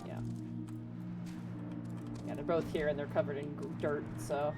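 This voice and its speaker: A woman's voice: sits low, level tone, a little slow, loud music behind the voice. A woman streamer giving casual, joking commentary while playing a game. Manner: chatty, joking asides.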